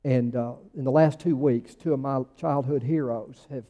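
A man's voice: mid-range voice, fairly even intonation, normal speed, mellow, muffled recording. A man preaching a sermon in a conversational, emphatic way, with sudden rising bursts. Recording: long church reverb.

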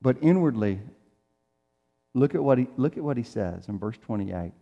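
A man's voice: mid-range voice, lively intonation, moderate pace, creaky, lo-fi sound. A middle-aged man preaching a sermon in a conversational way, acting out the quotes he tells. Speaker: pastor. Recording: long reverb of a large hall.

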